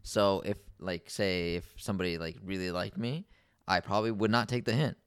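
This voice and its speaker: A man's voice: low voice, a little fast, a bit bright, smooth. A man co-hosting a casual podcast chat, wry and sarcastic.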